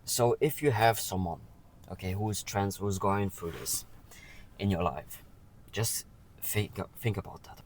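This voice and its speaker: A man talking earnestly and with feeling in a personal vlog, pausing often to say "okay". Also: deep voice, darkish tone, low-quality recording. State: emotional. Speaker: vlogger.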